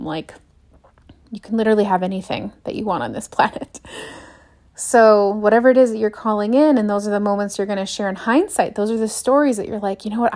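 A woman's voice: mid-range voice, a little mellow. A young woman hosting a solo motivational podcast, talking earnestly and upbeat, acting out small quoted scenes as she goes. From United States. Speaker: podcast host.

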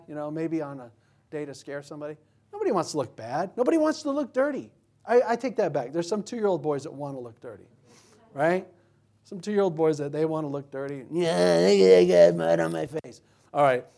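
A man's voice: high voice, a little mellow. A man preaching a sermon in a conversational, joking way, asking the congregation questions. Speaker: pastor.

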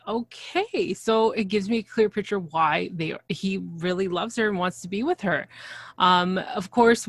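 A woman co-hosting a casual recap podcast, chatty and quick to laugh, acting out quotes in a high excited voice. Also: no echo. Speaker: podcast co-host. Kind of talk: casual reality TV recap chat.

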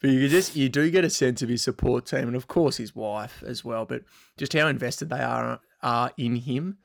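Gravelly man, wry chat. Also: mid-range voice, moderate pace, no room sound, studio quality. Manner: wry, acts out quotes. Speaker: podcast co-host. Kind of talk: casual chat.

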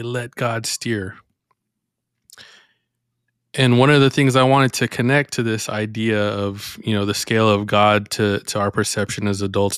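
A man's voice: lowish voice, a bit bright, smooth, no echo, clean studio sound. A man hosting a faith podcast, reflective and meandering as he thinks aloud in casual talk. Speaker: podcast host.

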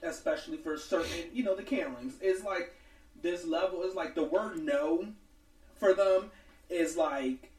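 A man's voice: on the high side, a little slow, darkish tone, roomy sound. A man in his twenties co-hosting a podcast, chatting casually and rambling with lots of fillers. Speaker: podcast co-host. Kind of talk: casual chat.

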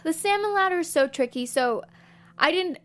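A woman's voice: very high-pitched, animated, moderate pace, a bit bright. A woman co-hosting a TV after-show, chatting casually, thinking aloud and giggling often. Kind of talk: casual chat.

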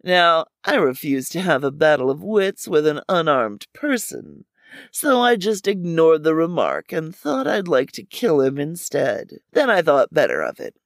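Man, wry deadpan crime-story narrator, lively pitch, dry close-mic sound. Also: a little slow, no room sound.

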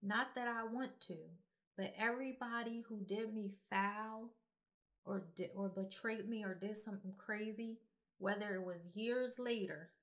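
A woman giving an earnest, emphatic spiritual monologue straight to her viewers in a casual vlog. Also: mid-range voice. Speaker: vlogger.

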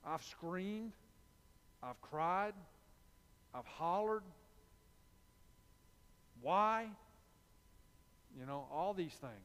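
Male preacher, slightly high voice, repeats his points for emphasis, long church-hall reverb. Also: expressive, very slow, long pauses, a bit bright, smooth. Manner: repetitive, emphatic preaching, confessional asides. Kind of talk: sermon.

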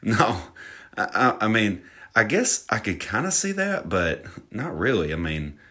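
Man, Southern drawl, Alabama, podcast host, bright tone, low-ish voice, joking and rambling. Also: very animated, a little slow. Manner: joking, self-mocking, rambling with restarts. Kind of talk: casual fitness podcast chat.

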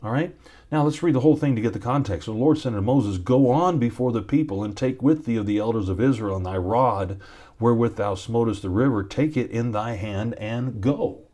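A man's voice: on the low side, brisk, dark tone. A man preaching a sermon, earnest and often restarting his sentences, with rising, emphatic peaks. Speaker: pastor.

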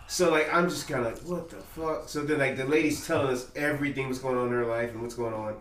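A man's voice: mid-range voice, fast, fairly bright tone, distant mic, slight background noise. Man on an echoey off-mic podcast feed. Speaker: podcast co-host. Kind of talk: casual chat.

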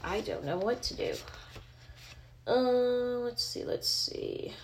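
Woman podcast host, casual rambling reader, gravelly. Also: a little high, expressive, slow pace, a little hiss or hum. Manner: casual, rambling, thinks aloud. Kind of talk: casual reading aloud.

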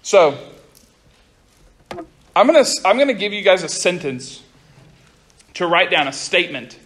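Fast-talking high-voiced young male preacher. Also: very animated, a bit bright. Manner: fast-talking, chatty, self-interrupting. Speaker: youth pastor. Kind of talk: casual youth sermon. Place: room with a group of listeners.

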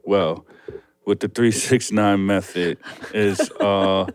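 Young New York guy, co-host; low, easygoing, rambly, dry close sound. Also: takes it slowly, clean tone, no room sound. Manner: laid-back, rambling, laughs often. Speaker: podcast co-host. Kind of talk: casual chat.

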